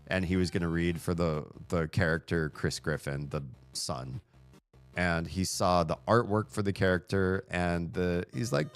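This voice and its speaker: A man chatting casually while streaming a game, telling rambling stories. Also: sits low. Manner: rambling storytelling with fillers.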